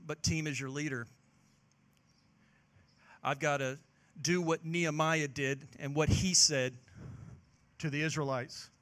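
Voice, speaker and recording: A male pastor, preaching a passionate sermon that swings from loud exhortation to hushed, earnest moments. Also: fairly high pitch, steady tone, takes it slowly, long pauses.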